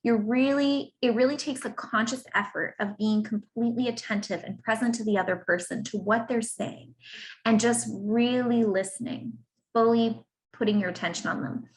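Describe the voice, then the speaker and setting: A woman's voice: fairly high pitch, normal speed, rough recording. Earnest woman coaching caregivers online. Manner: warm, earnest, explanatory with example phrases. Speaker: cancer coach presenting a webinar. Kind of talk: online presentation. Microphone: computer mic on a video call.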